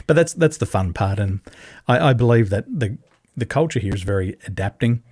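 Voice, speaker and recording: An Australian man talks bluntly in a relaxed podcast chat, his pitch moving around a lot as he jokes. His voice is a little husky, and the sound is dry and close, with no room around it. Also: a little fast, no echo. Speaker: guest. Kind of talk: casual podcast conversation.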